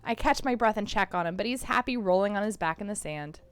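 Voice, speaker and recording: A woman streamer reading a first-person story game aloud with expressive storytelling. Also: medium pitch, fast, clear, resonant tone, no room sound.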